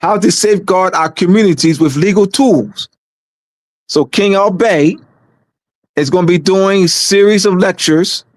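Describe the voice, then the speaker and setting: A man's voice: sits high, no echo. A man speaking on a community livestream in a casual, emphatic way, repeating phrases for stress.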